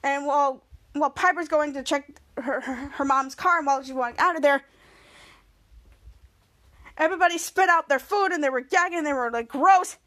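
A woman's voice: high-pitched, normal speed, pauses often, fairly bright tone. A woman hosting a podcast, rambling through an episode recap with many fillers and restarts. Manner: rambling, filler-heavy retelling. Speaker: podcast host.

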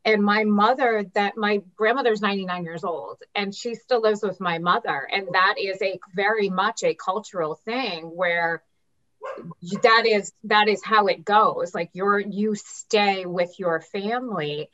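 A woman chatting casually among friends, with her thoughts winding and circling back as she talks. Her voice sits at an ordinary middle pitch. It comes through dull and lo-fi, as if the mic is slightly muffled. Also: unhurried, fairly bright tone. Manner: rambling, thinks aloud with restarts. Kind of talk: casual group chat. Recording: dull lo-fi audio.

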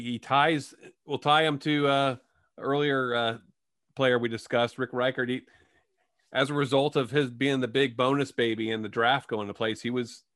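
A man's voice: medium pitch, fairly bright tone, no room sound. Male sports talk host, dry studio sound, stat-heavy delivery. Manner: reads stats, asks questions.

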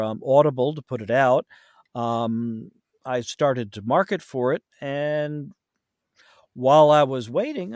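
A man's voice: mid-range voice, darkish tone, no echo. Man, audiobook narrator, casual interview talk, rambling, lots of ums, dry close sound. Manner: rambling, many fillers and restarts.

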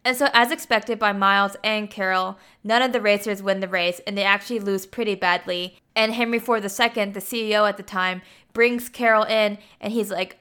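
A woman recounts a movie's story in a loose, chatty way, leaning on filler words as she goes. Her voice is bright and crisp, sitting at an ordinary pitch. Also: fairly even intonation, a little fast, hardly any pauses. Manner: chatty, with frequent 'like' and 'you know'. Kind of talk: casual film plot retelling.

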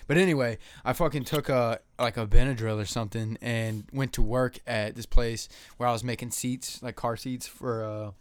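Young dude on a podcast, rambly and cussing a lot, dry close sound. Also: male voice, mid-range voice, fairly even intonation, moderate pace, few pauses, clear, resonant tone, dry recording. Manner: rambling, profane, with lots of fillers and laughs. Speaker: podcast co-host. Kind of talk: casual chat.

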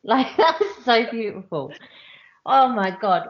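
A woman's voice: a little high, big pitch swings, slow pace. Bubbly, nasal southern English woman, podcast co-host, lo-fi audio. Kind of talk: casual chat.

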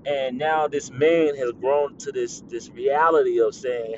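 Animated podcast host, teasing and laughing. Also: male voice, mid-range voice, unhurried. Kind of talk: casual monologue podcast. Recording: slightly dull lo-fi audio with faint background noise.

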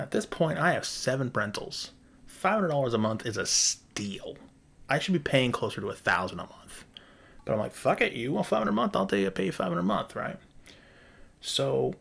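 A man's voice: medium pitch, vocal fry. A man casually telling a long story about his rental properties, swearing freely and acting out both sides of conversations. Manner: profane, animated, acts out dialogue.

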